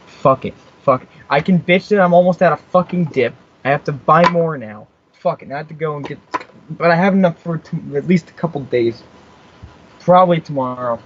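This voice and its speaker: American guy, young, slightly high voice, cursing rant, dull lo-fi stream. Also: a little fast, slight background noise. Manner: rambling, sweary, easily fired up. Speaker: internet radio host. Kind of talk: profane off-the-cuff rant. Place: small home radio studio. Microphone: studio mic with headphones.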